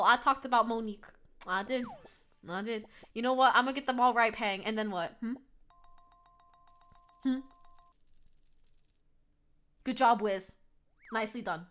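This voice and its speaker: A woman's voice: a little high, moderate pace, pauses often, bright, forceful tone. A young woman hosting a quiz on a live stream, chatting casually, laughing often, reading chat aloud and swearing freely.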